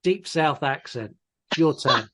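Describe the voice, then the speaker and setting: Fairly high-voiced, blunt male podcast host. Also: expressive, slow pace, fairly bright tone, a little hiss or hum. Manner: blunt and swears freely, with many "um"s. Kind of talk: casual chat about films.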